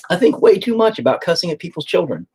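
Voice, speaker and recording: A man's voice: high voice, very animated, fast talker, a little mellow, slightly rough, low-quality recording. A man chatting casually and profanely while painting on a livestream, rambling and joking. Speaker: streamer painting on camera.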